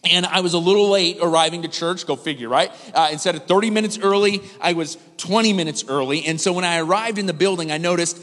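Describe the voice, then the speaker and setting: High-voiced pastor preaching in an echoing hall. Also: male voice, fast talker, hardly any pauses. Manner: animated, conversational, asks the congregation questions. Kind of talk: sermon with storytelling. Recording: hall reverb.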